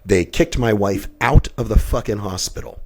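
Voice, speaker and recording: A man's voice: fairly low pitch, normal speed, a little mellow. A man in his fifties, a podcast guest telling a personal story in an intense, blunt way and swearing often. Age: 50s. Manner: blunt, heavily profane, intense.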